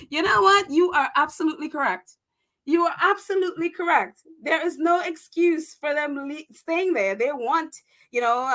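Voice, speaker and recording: Indignant woman host with a high voice, chatting casually on a live stream. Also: a bit bright. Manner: indignant, exclaiming, laughs often. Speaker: podcast host reading viewer comments.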